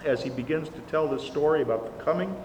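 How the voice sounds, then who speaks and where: A man with a somewhat high voice preaches with earnest emphasis, leaning hard into the words he stresses. His voice rings out in a church sanctuary with a long reverb tail. A faint hiss sits under the recording. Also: fast, a little mellow. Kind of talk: sermon.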